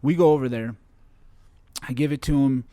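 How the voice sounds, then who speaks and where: Halting young man telling his story. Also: medium pitch, mellow, no echo. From Chicago. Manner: halting, full of fillers and restarts. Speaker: interview guest. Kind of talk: recounting a personal story.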